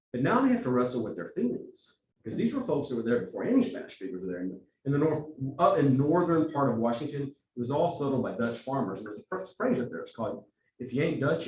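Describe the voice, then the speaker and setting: A man with a Texas accent teaches a church workshop in a casual, conversational way, his pitch rising and falling a lot. He sounds set back from the microphone in an echoey meeting room, with a faint hum of ambience behind him. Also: recorded from a distance. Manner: conversational, with lively asides and acted-out quotes. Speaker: evangelism trainer.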